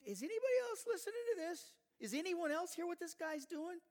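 A man's voice: extremely high pitch, sing-song, a little fast, voice pushed up. A male preacher acting out the young hero David, bold and incredulous, in a sermon. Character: brash young shepherd hero David, eager man.

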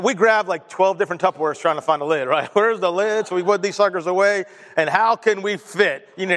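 A pastor with a high, rather bright voice delivers a sermon in a church sanctuary that gives him a big-room sound. He reads scripture, drifts into conversational asides, and then leads the congregation in prayer.

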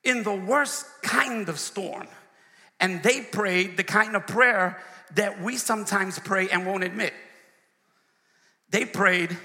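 A pastor preaching a sermon, swinging from quiet asides to shouted peaks, recorded in a church. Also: male voice, high-pitched, takes it slowly, pauses often. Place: church sanctuary. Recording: long reverb of a large hall.

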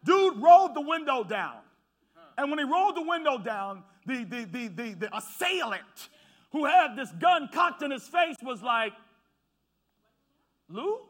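A male pastor preaching a sermon. He moves between quiet storytelling and shouted preaching, repeats words as he builds, and talks straight to his congregation. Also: very high-pitched, big pitch swings, moderate pace. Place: church.

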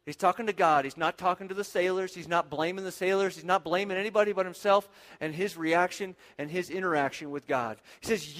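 A man preaching a sermon with a fairly high voice. He builds to loud, intense stretches, then drops into quiet, reflective passages. A long reverb trails after his words, as in a large hall. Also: fairly even intonation, fairly quick, hardly any pauses. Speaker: pastor.

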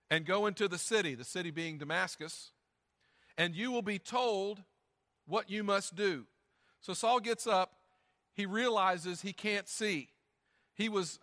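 A man's voice: on the high side, a bit bright, in a large hall. A man preaching a sermon as pastor, reading scripture aloud and adding conversational, joking asides. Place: church sanctuary.

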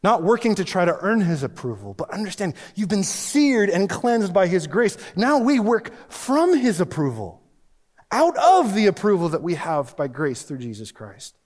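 Pastor preaching in a reverberant church. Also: male voice, sits high, very animated, normal speed. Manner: swings between loud emphatic and hushed lines. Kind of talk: sermon. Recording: long reverb of a large hall.

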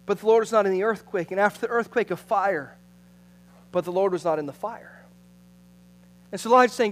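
Man, pastor, sermon, high voice, loud then hushed, faint electrical hum. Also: fairly quick, long pauses, low-quality recording. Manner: builds to loud emphasis, then drops to a hushed near-whisper.

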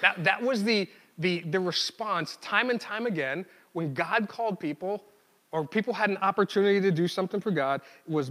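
A man's voice: sits high, moderate pace, pushed and bright, big-room sound. A man preaching a sermon in a conversational way, acting out quotes and stumbling over restarts and fillers.

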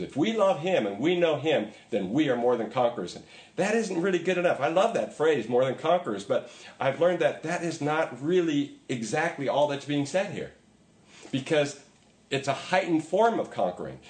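A man's voice: medium pitch, animated, moderate pace, darkish tone, roomy sound. A man preaching a sermon in a conversational way, with emphatic repetition. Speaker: pastor.

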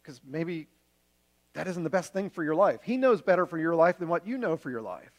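A man's voice: fairly high pitch, animated, a little fast. A man preaching a sermon as a pastor, earnest and conversational, using homely examples.

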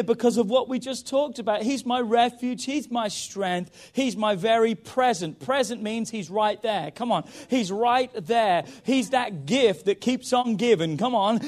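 A male pastor preaching a sermon, emphatic and urging, often saying "come on" and swinging between loud pushes and quiet stretches. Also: extremely high pitch. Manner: emphatic, repeats "come on", rises and drops in volume.

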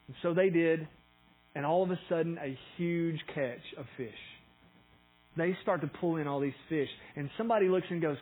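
A middle-aged man delivers a sermon in a husky voice pitched a bit above the usual for a man. He tells the story vividly and voices its dialogue with animated emphasis. A faint electric buzz hums under the recording. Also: brisk, poor audio. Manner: animated storytelling, acting out quoted dialogue with rising intensity. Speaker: pastor.

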